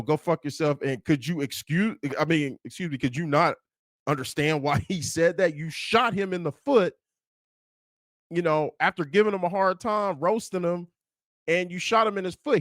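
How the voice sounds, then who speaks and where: A man from Kansas giving a casual, animated film commentary, swearing freely and acting out the lines he quotes. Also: high-pitched, no echo. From Kansas, USA. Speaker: movie review YouTuber.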